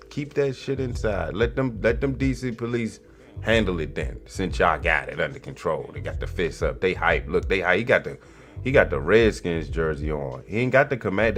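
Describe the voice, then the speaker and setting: A man hosting a podcast, giving loose, repetitive, slangy commentary full of asides. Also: on the low side. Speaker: podcast host. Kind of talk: casual commentary.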